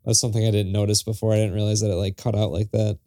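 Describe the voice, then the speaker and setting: Lowish-voiced guy chatting about music, laid back, dry close mic. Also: dry recording. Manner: relaxed, quick to laugh, loose phrasing. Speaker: podcast co-host. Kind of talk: casual music review chat.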